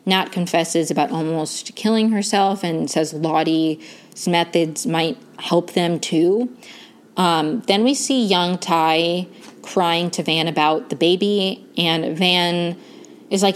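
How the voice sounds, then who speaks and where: A young woman in a casual, chatty recap of a TV season, full of "like" and "um" and quick restarts. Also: lowish voice. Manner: chatty, lots of "like" and "um", self-correcting. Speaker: recap host.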